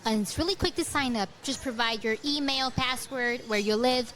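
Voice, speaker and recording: Young taiwanese woman, american accent, kinda high voice, earnest and careful, mandarin native. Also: moderate pace, a bit bright. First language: Mandarin Chinese. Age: young adult. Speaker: guest author. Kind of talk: casual interview answers.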